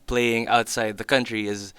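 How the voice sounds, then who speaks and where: A Filipino band member explaining thoughtfully in an interview chat, with small restarts. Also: male voice, medium pitch, flat delivery, normal speed, fairly bright tone. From Philippines.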